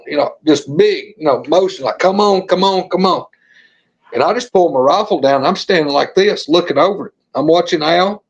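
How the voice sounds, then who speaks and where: A man's voice: a little high, vocal fry, highs cut off. A middle-aged man from Alabama with a Southern accent, telling a story as a podcast guest and acting out the scenes. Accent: Southern American. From Alabama, USA. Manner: animated, acts out the scenes.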